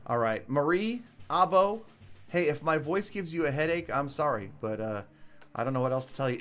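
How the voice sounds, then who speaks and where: A man giving excitable live commentary on strategy game battles and chatting with viewers by name. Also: on the high side. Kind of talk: live gameplay commentary, reading chat.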